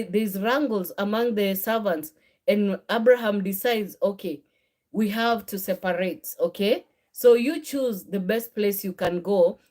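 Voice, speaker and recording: A woman's voice: medium pitch, warm tone. Earnest woman teaching, "okay?" after phrases. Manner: ends phrases with a questioning "okay?"; earnest, conversational, with fillers and self-corrections. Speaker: faith and marriage channel host. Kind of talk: informal Bible teaching to camera.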